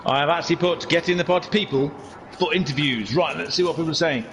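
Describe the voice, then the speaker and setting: A man hosting a racing league stream, chatting casually and restarting his sentences as he interviews people. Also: on the high side. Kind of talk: casual livestream chat.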